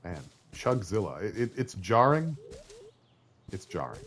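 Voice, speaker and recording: A young Canadian man reads a story game aloud on a live stream, joking and chatting with his viewers, with faint game music behind him. His deep voice swings widely in pitch at a normal speed with long pauses, fairly bright, with a little hiss or hum.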